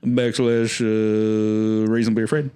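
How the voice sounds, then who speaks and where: A man with a fairly low voice co-hosting a relaxed podcast. He speaks unhurriedly, leaning on "um" and "you know", and jokes about his own sales pitch while plugging the show. The tone is easygoing. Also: a little slow, smooth. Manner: laid-back, self-mocking plugs. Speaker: podcast co-host. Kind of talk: casual chat.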